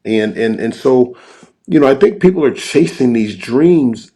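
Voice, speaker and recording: A man's voice: medium pitch, animated, a little slow, mellow. A middle-aged man, a football coach guesting on a podcast, telling a story earnestly and repeating words as he goes.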